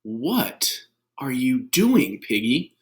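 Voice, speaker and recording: A man's voice: mid-range voice, very animated, drawn-out words, full character voice. A man doing a worried elephant. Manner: earnest, getting alarmed. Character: anxious worried elephant friend.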